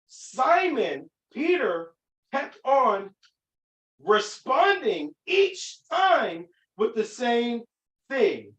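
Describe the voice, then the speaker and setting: High-voiced man teaching scripture, echoey. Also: a bit bright, recorded from a distance. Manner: emphatic, with many restarts and fillers. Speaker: Bible teacher. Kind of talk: teaching sermon.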